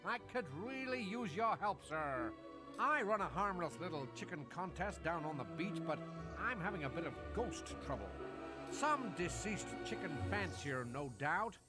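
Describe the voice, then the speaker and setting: A pushy carnival showman wheedles in a high, springy voice and an English carny accent. His pitch leaps around as he stumbles over his requests. Game music runs behind him. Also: lively intonation, normal speed, low-quality recording. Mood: wheedling. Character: pushy male carnival huckster running a chicken game.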